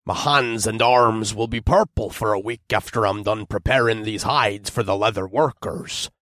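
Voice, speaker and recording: A man voicing a short, stout, gruff dwarf blacksmith in an audiobook. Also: on the low side, animated, slow pace, fairly bright tone, no echo, studio quality, full character voice. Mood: haggling. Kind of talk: audiobook narration.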